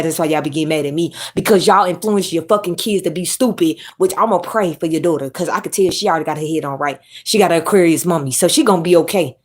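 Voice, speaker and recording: Blunt, profane woman ranting. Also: on the low side. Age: adult mother. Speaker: commentary YouTuber. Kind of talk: ranting commentary.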